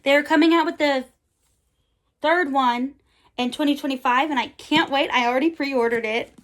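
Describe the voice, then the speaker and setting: A woman's voice: high-pitched, moderate pace. A woman in her twenties chatting casually about books she loves, rambling a little, with fillers and playful slang. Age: 20s. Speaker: book vlogger. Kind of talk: casual book recommendation chat.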